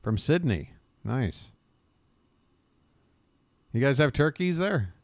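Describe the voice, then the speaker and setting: A man's voice: mid-range voice, sing-song, slow, dry recording. An American man hosting a live stream from his home, rambling casually and chatting with viewers by name, with some swearing. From United States. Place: home abroad, living in Bangkok.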